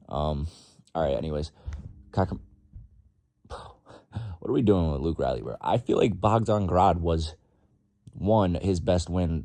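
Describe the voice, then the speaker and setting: A man's voice: a bass voice, dark tone, dry recording. A young man giving casual, rambling, profane fight predictions in a vlog. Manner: rambling, profane, lots of fillers.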